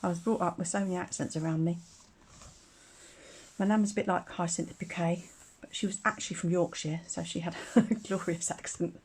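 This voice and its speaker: A woman's voice: on the low side, steady tone, fairly quick, a little mellow, breathy edge. A woman teaching a casual live craft demonstration, chatty and rambling, laughing often. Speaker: craft tutor.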